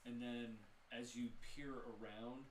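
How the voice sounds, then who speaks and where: A man's voice: mid-range voice, steady tone, slow pace. A man narrating a tabletop game as game master, describing scenes with frequent fillers. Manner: descriptive, with many fillers and restarts. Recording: echoey room, mic at a distance, faint noise.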